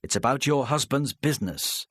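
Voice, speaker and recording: A man as a calm police inspector. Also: medium pitch, no room sound, clean studio sound, voice pushed up. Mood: probing. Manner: calm, measured questioning. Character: patient, probing male police inspector.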